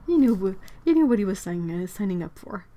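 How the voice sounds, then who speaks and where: A woman's voice: medium pitch, big pitch swings, quick pace, mellow. A young woman hosting a livestream, chatting casually and giggling to her viewers while she paints.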